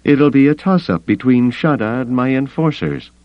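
A man's voice: medium pitch, animated, normal speed, lo-fi sound, voice pushed up, lightly acted. A man doing a cold suspicious male leader. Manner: clipped and cold.

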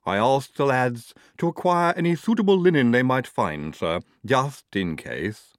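A man voicing a calm, resourceful young woman disguised as a male soldier, smooth and unflappable. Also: medium pitch, a little slow, no echo, clean studio sound, natural voice.

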